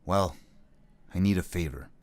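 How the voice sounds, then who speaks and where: A man's voice: deep voice, unhurried. A man reading the part of a tough former detective turned deacon in his fifties, blunt and dry. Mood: unfazed. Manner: blunt, dry, terse comebacks. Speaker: actor in a scene reading. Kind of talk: staged script reading.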